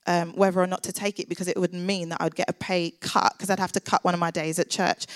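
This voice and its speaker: A woman's voice: medium pitch, no echo. A woman, sharing a personal faith testimony in an earnest, chatty way full of filler words. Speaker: church worker sharing testimony.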